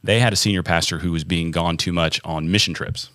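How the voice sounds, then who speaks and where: Really deep-voiced guy in a bible podcast chat, thoughtful, halting, dry close sound. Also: fairly even intonation, a bit bright, dry recording. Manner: thoughtful, hesitant, repeats words. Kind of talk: casual Bible discussion.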